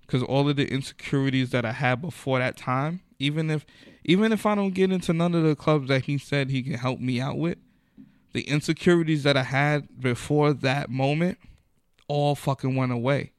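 Profane, slangy comedian telling stories. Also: male voice, mid-range voice, normal speed, dry recording, clean studio sound. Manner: loose, profane, street slang. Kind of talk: casual podcast storytelling.

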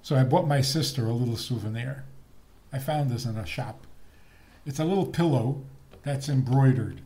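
A man's voice: mid-range voice, normal speed, warm tone. A man giving a humorous lecture on marriage, playful and chuckling at his own jokes.

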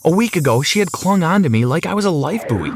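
Husky young man narrating dramatically. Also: fairly high pitch, big pitch swings, fast talker. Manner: dramatic, self-questioning. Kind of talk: first-person story narration.

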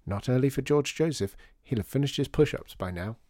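A man's voice: medium pitch, lively intonation, fairly quick, warm tone, dry recording, studio quality, pitched above the performer's own voice, natural voice. A man voicing a chatty, gossipy young woman neighbour with a conspiratorial way of talking.

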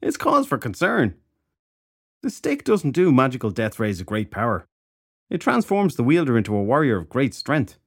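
A man's voice: medium pitch, huge pitch swings, moderate pace, husky, no echo, clean studio sound, pitched above the performer's own voice, exaggerated voice. A man voicing a sardonic fairy detective who talks bluntly and sarcastically. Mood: grave.

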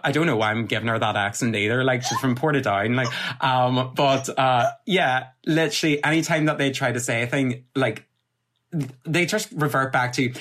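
A man's voice: mid-range voice, normal speed, fairly bright tone. A young man hosting a casual podcast, rambling with lots of fillers, swearing and laughing. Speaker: podcast host. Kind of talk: casual chat.

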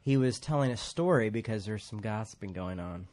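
A man's voice: fairly low pitch, expressive, fairly quick, darkish tone. A man preaching a casual, rambling sermon in a church, joking at his own expense and laughing often. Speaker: pastor.

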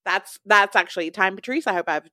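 A woman's voice: mid-range voice, brisk, bright, forceful tone, dry recording, clean studio sound. A woman co-hosting a podcast, playful and teasing in casual banter. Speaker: podcast co-host.

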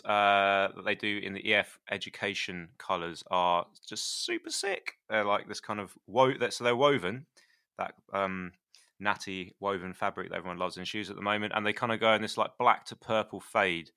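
Lower, bright co-host telling stories. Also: male voice, normal speed, clear, resonant tone, no echo, studio quality. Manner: lively storyteller, laughs often. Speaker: podcast co-host. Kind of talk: casual podcast chat.

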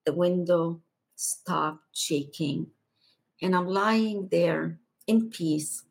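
A woman guest on a podcast, earnestly recounting a personal testimony and going hushed for the quieter moments. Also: lowish voice, steady tone, drawn-out words, gravelly.

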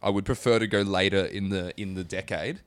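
A man's voice: low voice, fairly quick, dry recording. A man with an Australian accent co-hosting a podcast, joking crudely and swearing in casual banter. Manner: lively, joking, swears freely. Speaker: podcast co-host.

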